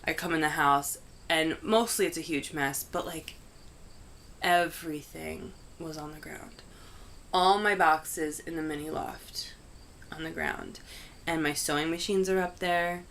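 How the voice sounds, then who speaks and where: A young woman speaks in a fairly low voice, telling a story in a loose, chatty way. Her talk is full of "like" and the odd curse word. Faint crickets and insects sound in the background. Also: a bit bright, slight background noise. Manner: chatty, heavy use of "like", frank swearing. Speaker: vlogger. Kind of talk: casual storytelling.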